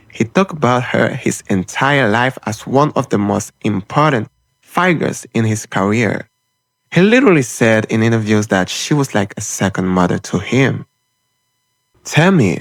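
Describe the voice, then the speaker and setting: A man's voice: mid-range voice, dry recording. A man delivering an impassioned, opinionated film commentary monologue in short, punchy phrases.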